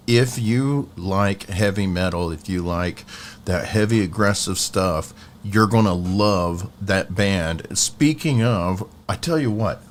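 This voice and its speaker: A man hosts a live stream in a casual, excitable way. His voice sits on the low side and he talks at an unhurried pace. A faint noise hums behind him. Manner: chatty and excitable, tasting a drink on air. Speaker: host of a live stream show.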